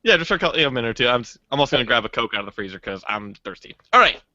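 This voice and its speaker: A man co-hosting a comedy podcast, chatty and quick to laugh. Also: medium pitch, big pitch swings, sharp tone, no echo. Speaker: podcast co-host. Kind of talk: casual comedy banter. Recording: dry, dull lo-fi podcast audio.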